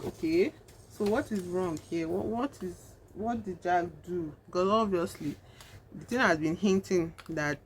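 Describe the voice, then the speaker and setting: A woman's voice: on the low side, a little hiss or hum. A woman vlogger chatting casually in a rambling way, full of fillers, while she does her makeup. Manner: chatty, rambling, heavy use of "like" and "you know". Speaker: vlogger reviewing a horror film. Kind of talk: casual chat.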